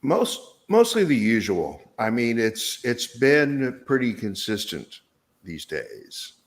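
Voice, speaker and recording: A man's voice: mid-range voice, wildly swooping pitch, slow. A man with hiccups, a regular on the show, chatting over a video call in a rambling, self-deprecating, hesitant way. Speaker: regular co-host. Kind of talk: casual video chat.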